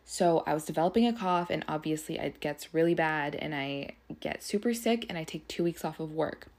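A woman's voice: sits low, brisk, a little mellow. Chatty, profane young woman podcaster. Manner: chatty and profane, heavy use of "like". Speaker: podcast host. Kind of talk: casual storytelling.

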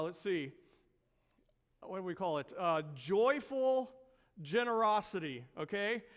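A high-pitched male pastor delivers a sermon at an unhurried pace, leaning on drawn-out emphasis and rhetorical questions. His voice rings with the long reverb of a church sanctuary. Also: fairly bright tone, smooth.

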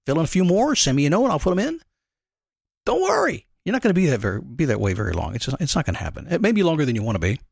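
A man delivers an emphatic motivational monologue, his pitch leaping around constantly. He fires off rhetorical questions and swings from loud bursts to hushed asides. The recording is dry and close, with no room sound. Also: huge pitch swings, rapid-fire, vocal fry, breathy edge, dry recording. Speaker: motivational podcast host.

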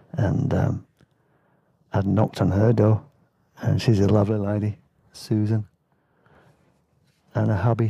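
A man's low-leaning voice, creaky, warm, and slightly rough, carries a casual spoken travel memoir with no room sound. He's a podcast host and storyteller, rambling through his travels in an easygoing way and laughing from time to time.

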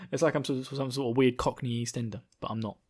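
A man's voice: medium pitch, steady tone, a little fast, a little mellow, slightly rough. Rambling, chuckling man. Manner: rambling, laughs often, puts on silly character voices. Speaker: book discussion podcaster. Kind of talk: casual chat recapping a book.

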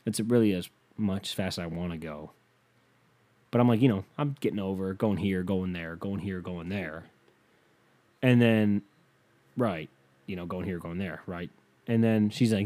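A young man talks straight to the camera, his voice low-pitched and dark and mellow in tone. He rambles through a story in a loose, casual way, cursing freely and tripping over his sentences as he goes. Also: fairly quick. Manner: rambling, profane, restarts a lot.

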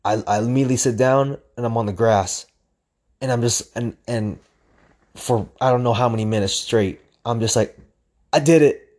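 A young man tells his story in loose, casual speech, intense and profane. He keeps repeating phrases and acts out the voice in his head. His voice sits at an ordinary middle pitch for a man. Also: steady tone, moderate pace, a little mellow. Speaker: storyteller recounting a hard run.

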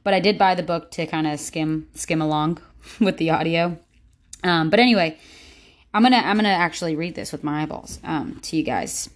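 A woman's voice: sits low, moderate pace. A woman hosting her own solo podcast in a casual, rambling way, with many fillers and restarts. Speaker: podcast host.

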